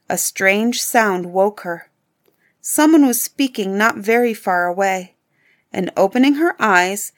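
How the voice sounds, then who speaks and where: Brief: female storybook narrator, steady and clear, mid-pitched.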